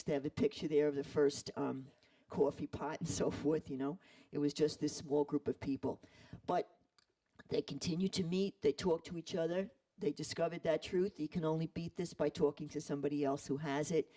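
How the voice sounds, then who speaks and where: A man retelling a story in an animated way, acting out the quoted voices. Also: on the high side, moderate pace, far from the mic, low-quality recording. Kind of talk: storytelling talk.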